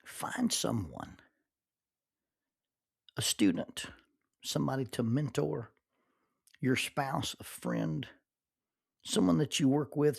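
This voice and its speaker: A man with a mid-range voice, creaky and with a breathy edge, gives a reflective, faith-based talk as a podcast host. He's earnest and halting, often repeating words as he starts a phrase and slowing down to stress key words.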